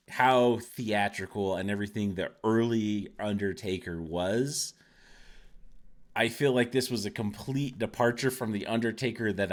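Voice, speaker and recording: A man co-hosting a casual wrestling chat, speaking earnestly and a bit hesitantly. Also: on the low side. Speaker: podcast co-host.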